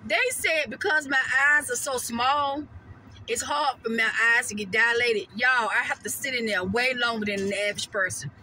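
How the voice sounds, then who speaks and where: Woman, high bright voice, chatty vlog in a parked car, faint noise behind. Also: normal speed, low-quality recording. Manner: chatty, addresses viewers as y'all and honey. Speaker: vlogger. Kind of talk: casual mukbang vlog chat.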